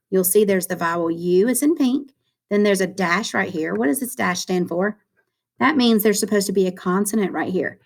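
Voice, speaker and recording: A woman teaching young children their phonics, in a sing-song, encouraging classroom voice. She stretches out words and sounds slowly so small kids can follow along, and her pitch sits in an everyday middle range.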